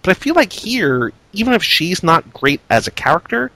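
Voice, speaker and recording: A man's voice: high voice, normal speed, no room sound, poor audio. Brief: male podcast co-host, lighter voice, conversational recaps. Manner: recaps scenes, conversational and relaxed. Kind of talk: casual movie review chat.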